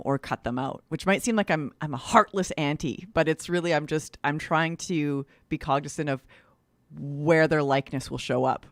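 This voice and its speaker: A woman co-hosting a casual talk show, speaking in a reflective, animated way about her own habits. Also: low voice, dry recording.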